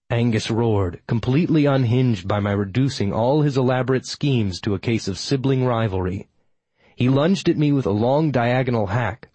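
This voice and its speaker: A man's voice: mid-range voice, darkish tone, husky, no echo, rough recording. A man reading a first-person fantasy audiobook in a wry, sardonic storytelling manner. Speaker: audiobook narrator.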